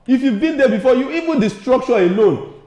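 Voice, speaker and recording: A young Nigerian man with a Nigerian accent co-hosting a casual news review, animated and laughing often. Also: fairly quick. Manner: animated, laughing often, rising to high excited tones. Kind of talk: casual news commentary chat. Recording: echoey room.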